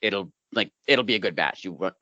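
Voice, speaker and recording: A man co-hosting a casual wrestling talk show, animated and sarcastic, mocking others with put-on voices. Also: low voice, fairly quick, dry recording, dull audio. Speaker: podcast co-host.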